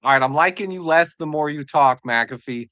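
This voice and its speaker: Woman stream host, excitable live reactions, lowish voice, dry sound. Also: moderate pace, no echo, highs cut off. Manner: excitable and joking, reads out and answers chat messages.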